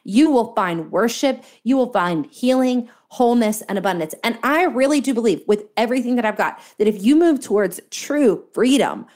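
A woman's voice: fairly high pitch, expressive, moderate pace, few pauses, a little mellow. A woman in her thirties, a guest author talking in a faith-based podcast conversation, earnest and emphatic, repeating key points. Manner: earnest, preachy, emphatic repetition.

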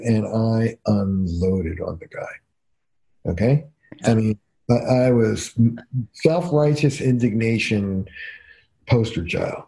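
A man's voice: fairly low pitch, slow pace, gravelly, long pauses. A man, a couples therapist, telling stories emphatically as a guest on a podcast interview. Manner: emphatic, animated storyteller.

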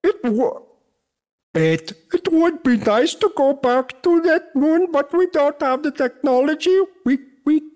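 A man putting on an impression of a slow-witted male astronaut spokesman with an Indian accent, halting and childlike. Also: very high voice, animated, darkish tone, pitched above the performer's own voice. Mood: dopey.

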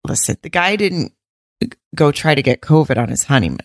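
A woman's voice: low voice, lively intonation, fairly quick, no room sound, studio quality. A woman from the Southern United States co-hosting a podcast, blunt and rambling in casual chat. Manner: blunt, rambling, swears freely. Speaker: podcast co-host.

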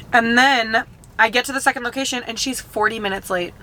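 A woman's voice: fairly high pitch, fairly quick, sharp tone, a little hiss or hum. A young woman co-hosting a podcast, telling a story in casual chat and swearing freely while she eats. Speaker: podcast co-host.

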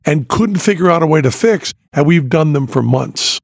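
A podcast co-host with a husky, rather high voice tells animated stories during casual chat, laughing often. He speaks at a normal pace, recorded dry with clean studio sound.

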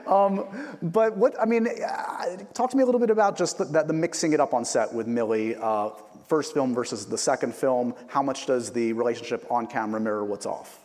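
A man's voice: medium pitch, fairly quick, few pauses, a little mellow. A man hosting an interview, asking questions in a playful, teasing, chatty way. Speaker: interviewer host. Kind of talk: casual promotional interview. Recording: roomy reverb.

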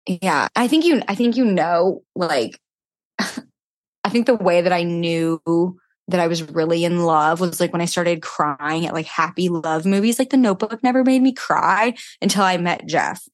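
A young woman talks as a guest on a podcast in a loose, chatty way, sprinkling "like" through every sentence. Her voice sits on the low side for a woman. The recording is dry, with no room sound around her. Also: a little slow, no echo. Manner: chatty, heavy use of filler "like". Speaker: podcast guest, fitness influencer. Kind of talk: casual chat.

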